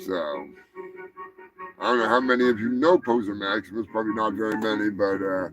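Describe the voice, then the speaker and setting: A man's voice: on the low side, fairly quick, a bit bright, highs cut off, faint music behind. A man hosting a casual live comedy show, talking in a profane, rambling, offhand way. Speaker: host.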